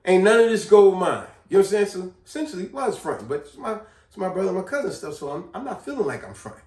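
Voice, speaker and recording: A man vlogging, telling a personal story in a casual, slangy, animated way. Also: high-pitched, quick pace. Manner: animated, slangy, repeats himself. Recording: echoey room, distant mic.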